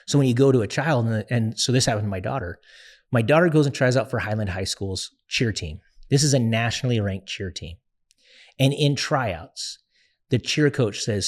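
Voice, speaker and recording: A man's voice: mid-range voice, normal speed. A middle-aged man speaking earnestly as an interview guest, telling stories and acting out quoted dialogue. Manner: earnest storyteller, acts out quoted family dialogue. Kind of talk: interview conversation.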